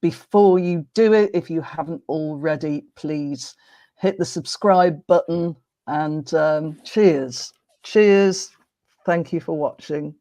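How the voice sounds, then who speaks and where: A woman hosting a casual interview, speaking in a polite, measured and gently wry way. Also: sits low, no room sound. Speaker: host.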